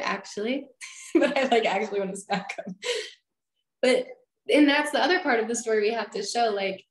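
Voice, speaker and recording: A woman's voice: mid-range voice, brisk, reverberant, rough recording. A young woman and fitness coach, chatting on a casual business call and laughing often. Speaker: fitness coach and team leader.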